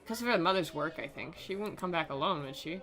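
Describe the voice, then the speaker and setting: A woman's voice: lowish voice, lively intonation, fast, fairly bright tone. A young woman streaming a dramatic reading of a visual novel, mixing narration with sarcastic jokes and replies to chat. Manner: sarcastic, joking running commentary.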